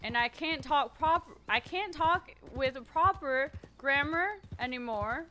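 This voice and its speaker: A young woman with a slight twang and a bright, sharp voice, chatting casually as a streamer. She swears freely and picks at her own delivery. Her voice sits a bit high, with a faint hiss in the background. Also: expressive, measured pace. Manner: swears a lot, frustrated, self-critical. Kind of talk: casual chat, trying out a character voice.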